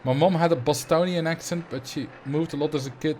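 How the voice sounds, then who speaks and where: A streamer from the Netherlands chats casually with a Dutch accent during a game livestream, rambling with fillers as he reacts to chat. His voice sits on the high side, steady, a little fast and a little mellow, with slight background noise.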